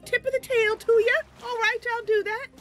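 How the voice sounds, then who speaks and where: A woman's voice: very high voice, fairly even intonation, normal speed, faint music behind, voice pushed up. A woman voicing a fussy, chatty little male companion who frets and is overly polite. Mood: chirpy.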